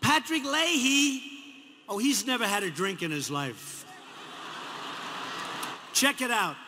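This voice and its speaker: In a large, echoey arena with faint crowd noise, a New York–accented politician in his seventies gives a rambling campaign speech. His voice is very high and slow, with lively intonation, and he keeps repeating himself and tossing in mocking asides.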